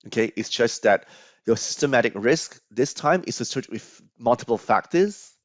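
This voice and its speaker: A man's voice: on the low side, dry recording. A man lecturing on finance over slides, explaining step by step with frequent fillers and restarts. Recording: dry, slightly dull lo-fi audio.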